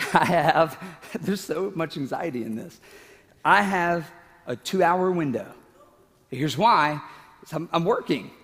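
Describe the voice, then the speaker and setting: Male pastor, slightly high voice, emotional storyteller, large echoing hall. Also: expressive, slow pace, pauses often, a bit bright. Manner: emotional, tearful at times, laughing asides. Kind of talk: sermon with personal story.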